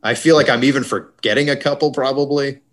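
Um homem num podcast comentando um filme num papo descontraído, brincando e fazendo imitações rápidas. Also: male voice, mid-range voice, fairly even intonation, a bit bright. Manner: jokey, does quick impressions. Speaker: podcast co-host. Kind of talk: casual movie review chat.

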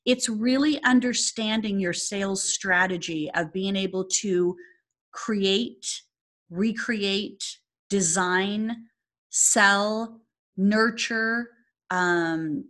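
A woman's voice: mid-range voice, fairly bright tone. A woman coaching salon owners in a presentation, speaking in a direct, emphatic way and often checking in with "okay?".

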